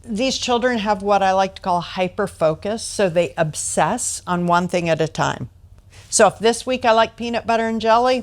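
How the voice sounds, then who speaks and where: An American woman in middle age speaks in a plain mid-range voice to a training audience. She teaches through stories from home and slips into the voices of the people she quotes. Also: medium pitch. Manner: storytelling, acts out quoted voices. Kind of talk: training talk with anecdotes.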